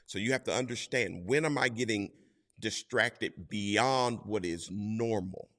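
A man's voice: fairly low pitch, unhurried, a bit bright, in a large hall. A man preaching a sermon in a conversational way, acting out quoted voices as he tells stories.

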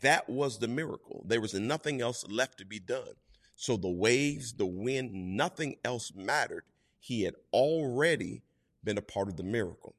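A man's voice: medium pitch, animated, moderate pace, a bit bright, long reverb tail. A man preaching a sermon in a conversational way, acting out quoted voices as he tells stories.

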